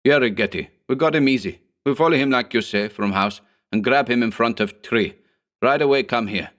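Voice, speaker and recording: A man's voice: mid-range voice, fairly quick, a bit bright, pitched above the performer's own voice, close to an everyday voice. A man voicing a big, superstitious gangland thug who talks in broken English and pleads with his boss. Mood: pleading. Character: hulking hog-necked male thug, fearful.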